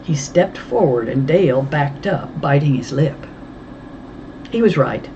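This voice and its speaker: A woman reading a first-person novel aloud, in an even, tense storytelling manner. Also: low voice, measured pace, highs cut off, a little hiss or hum. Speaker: audiobook reader.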